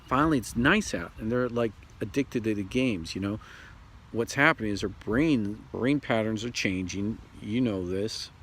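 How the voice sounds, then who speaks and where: A man giving a rambling, casual spiritual talk outdoors, repeating himself and slipping into quick voices for other people. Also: on the low side. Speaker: spiritual video host. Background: outdoor ambience, traffic and birds.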